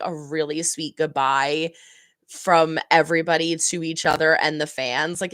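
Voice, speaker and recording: A woman chats casually on her stream, answering her viewers and wandering from one thought to the next. Her voice sits fairly low. It is recorded close and dry, with almost no room sound, and she laughs easily as she goes. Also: dry recording. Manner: chatty, rambling, animated, laughs often. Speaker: reaction streamer. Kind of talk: casual chat reading live chat.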